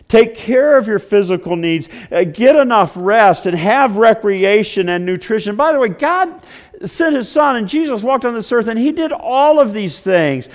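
A male pastor preaching a sermon, swinging from loud declarations to hushed, slow storytelling. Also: high voice.

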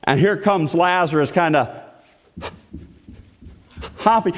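Man, pastor, sermon, slightly high voice, animated storytelling, hushed to loud, long hall reverb. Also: normal speed.

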